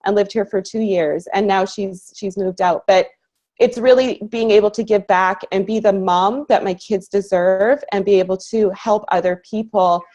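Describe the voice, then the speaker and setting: A woman in her thirties from Canada tells her own story as a call guest. Her voice sits at a middle pitch, and she speaks with earnest enthusiasm. She often slips in a "you know" and laughs easily. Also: fairly even intonation, normal speed, darkish tone. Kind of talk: personal story in casual conversation.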